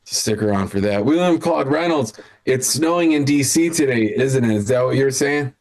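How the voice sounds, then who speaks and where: A man's voice: medium pitch, moderate pace, darkish tone. A man hosting an online comedy show, rambling and restarting, laughing at his own jokes. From Chicago area. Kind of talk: casual hosting banter on a video call.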